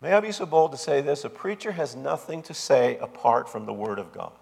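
A man's voice: medium pitch, sing-song, fairly quick, gravelly, darkish tone, husky. A man preaching a sermon as pastor, with an emphatic, repetitive cadence. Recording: long hall reverb.

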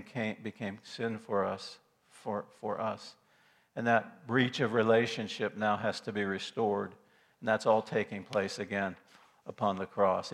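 A man preaching a sermon in a church, earnest and emphatic, repeating phrases and dropping from loud to hushed. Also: medium pitch. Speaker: pastor.

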